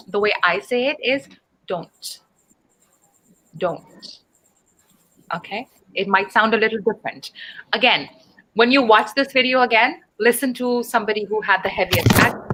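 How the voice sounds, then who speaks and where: Woman, from Dubai, English teacher, online speaking lesson, bright voice, patient, encouraging. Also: mid-range voice, moderate pace, rough recording. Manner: patient, encouraging, spells out words and asks students questions.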